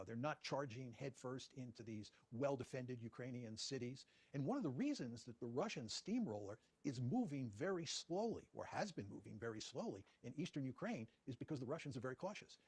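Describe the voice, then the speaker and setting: A man with a husky voice answers as an interview guest at a brisk clip. He speaks deliberately and repeats his key points. The sound is dry and close. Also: medium pitch, sing-song, a little mellow, dry recording. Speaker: guest professor.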